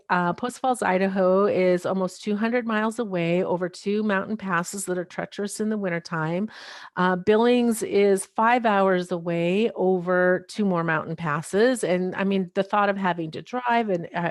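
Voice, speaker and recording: A woman's voice: medium pitch, dry recording, studio quality. A woman, a podcast guest, telling a personal story, often quoting others and laughing now and then. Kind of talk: personal testimony.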